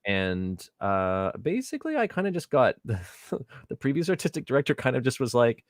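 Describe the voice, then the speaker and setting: A middle-aged man on a video call interview, telling stories in a rambling, self-deprecating, animated way through a home microphone. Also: medium pitch, brisk, no echo, studio quality. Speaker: guest, theatre artistic director. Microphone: home USB microphone on video call.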